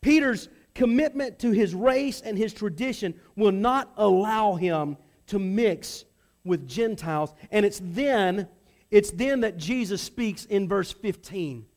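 A man preaching a sermon in a relaxed, conversational way, often restarting phrases and acting out the voices in the story. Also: high-pitched, takes it slowly. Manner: conversational, with frequent restarts and acted-out quotes.

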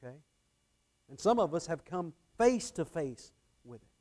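A man's voice: a little high, big pitch swings, moderate pace, dark tone. A man preaching a sermon earnestly, often repeating his phrases and shifting his emphasis. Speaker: pastor.

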